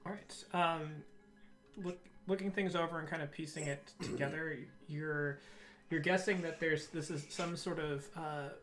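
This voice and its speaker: A man narrating as game master of a tabletop game, pausing often with fillers as he describes the scene. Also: fairly high pitch, steady tone, music in the background. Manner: hesitant, many fillers.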